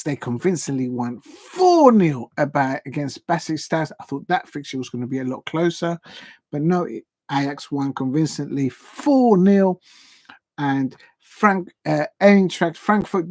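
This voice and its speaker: A man's voice: fairly high pitch, a little mellow, dry recording. A man hosting a live football watch-along stream, recapping the day's results in a chatty, rambling way and stumbling over player and club names.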